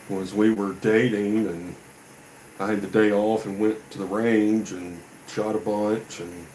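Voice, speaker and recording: A man with a fairly low voice talks slowly and easily, in a relaxed, folksy, rambling way. He is a gunsmith chatting on a casual livestream. A faint hiss of noise sits under his voice. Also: rough recording. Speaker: gunsmith and shop owner.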